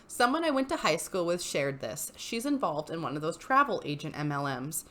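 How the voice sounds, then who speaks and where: A woman giving casual, comedic commentary on Reddit posts, exasperated and animated and laughing often. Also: lowish voice, normal speed. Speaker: YouTuber reading and reacting to Reddit posts.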